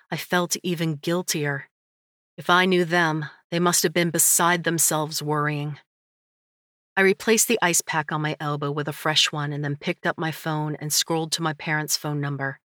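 An audiobook narrator with a low voice reads a novel told in the first person. Her tone is fairly bright, and the studio recording is clean and dry.

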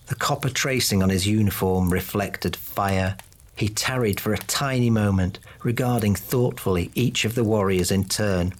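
Low-voiced guy reading an audiobook, steady and even. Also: normal speed. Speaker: narrator. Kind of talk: audiobook narration.

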